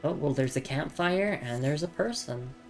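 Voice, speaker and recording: Woman streamer, very deep voice, relaxed chatty commentary over soft game music. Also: normal speed. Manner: chatty, reads item text aloud. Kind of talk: casual gameplay commentary.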